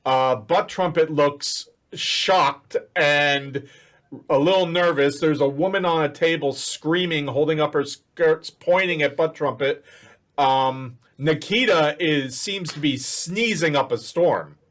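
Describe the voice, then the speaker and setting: A man's voice: a little high, slow, fairly bright tone. A man running a tabletop game as game master, narrating a chaotic scene with many restarts and corrections. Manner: rambling, self-correcting narration.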